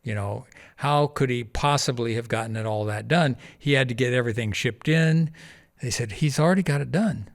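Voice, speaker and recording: Man telling animated stories, mid pitch. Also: moderate pace. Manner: animated anecdote-telling, acting out quoted voices, laughs often. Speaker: podcast guest, charity founder. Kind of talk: casual storytelling interview.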